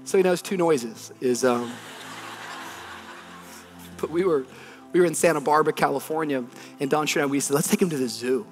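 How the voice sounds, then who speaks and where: A man's voice: fairly high pitch, fairly quick, long pauses, soft background music. A man in his thirties, a pastor delivering a sermon, telling a story with animation and building to emphatic preaching.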